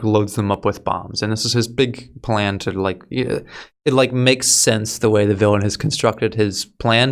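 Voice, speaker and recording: A man's voice: mid-range voice, fairly bright tone, smooth. A man co-hosting a podcast in casual chat, wry and analytical. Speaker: podcast co-host.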